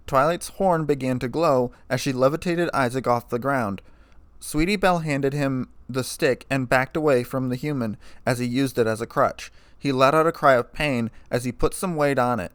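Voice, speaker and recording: A man reading a fan fiction story aloud in a plain, steady narrating voice. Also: mid-range voice, moderate pace, no room sound.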